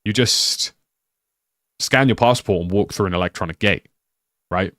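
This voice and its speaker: A man's voice: deep voice, normal speed, fairly bright tone, no room sound, clean studio sound. A young British man chatting casually on a live stream, rambling with lots of "like" and restarts. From United Kingdom.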